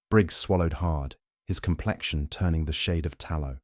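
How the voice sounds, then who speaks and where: Man narrating a story, formal and measured, deep mellow voice, dry close sound. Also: no echo. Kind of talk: scripted narration.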